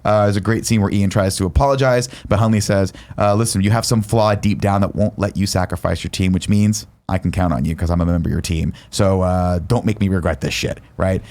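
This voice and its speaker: A man's voice: deep voice, fairly even intonation, fairly quick, hardly any pauses, a little mellow. A man in his thirties casually recapping a movie as a podcast host, acting out quoted lines with swearing. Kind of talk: casual movie review chat.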